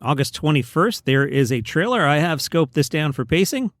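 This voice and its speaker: A man with a Queens, New York accent, from New York City, hosts a comedy news show outdoors by a pool, tossing wry, sarcastic asides into the headlines. His voice is a little high and sing-song at normal speed, and the recording is very noisy. It's a casual comedy news monologue.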